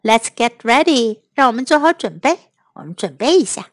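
A woman teaching English phrases to children from a storybook, repeating each phrase slowly. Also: on the high side, sing-song, no room sound, clean studio sound. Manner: slow, drilling repetition. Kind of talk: children's English lesson reading.

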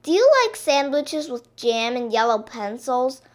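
A woman voicing a kind old grandpa duck who asks soft, whispered questions in a storybook reading. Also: a little high, unhurried, natural voice. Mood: coaxing.

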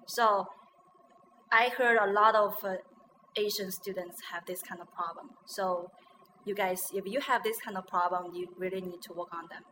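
In this bilingual pronunciation lesson, the woman has a steady, mid-range voice and speaks at normal speed with background noise behind her. She is a native Chinese speaker with a Chinese accent who echoes a guest's English words to check them.

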